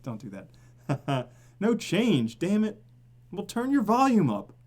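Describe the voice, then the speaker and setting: A man hosting a casual live stream, theatrical and excitable, swearing and greeting viewers in the chat by name. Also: high voice, takes it slowly. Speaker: crypto live stream host.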